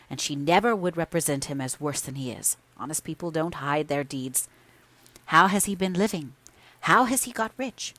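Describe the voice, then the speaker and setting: A woman narrating a classic novel as an audiobook, in a measured, expressive storytelling manner. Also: lowish voice. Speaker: audiobook reader.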